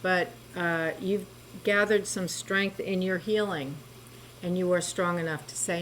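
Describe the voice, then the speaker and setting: A woman with a fairly low voice talks through a tarot reading in a gentle, reassuring way. She adds small asides to the listener as she goes. A faint hiss sits under her voice. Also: fairly even intonation, unhurried, low-quality recording. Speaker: tarot reader.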